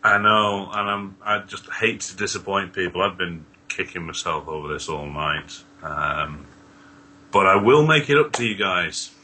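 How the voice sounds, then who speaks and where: A man chatting casually, speaking in an apologetic, low-key way. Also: expressive, a little slow, pushed and bright, a little hiss or hum. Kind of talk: casual chat.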